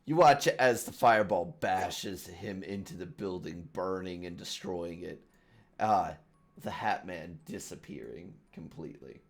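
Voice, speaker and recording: A man runs a tabletop game in a slow, halting way. His voice is very low and gravelly. He pauses often with fillers. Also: soft background music. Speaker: game master.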